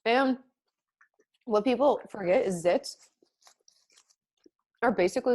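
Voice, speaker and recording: A woman's voice: a little high, slow pace, a little mellow. A young woman in her twenties co-hosting a casual mukbang chat, filling her talk with "like" and chewing as she speaks. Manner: chatty, lots of "like", talks while chewing. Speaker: mukbang co-host. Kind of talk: casual chat while eating.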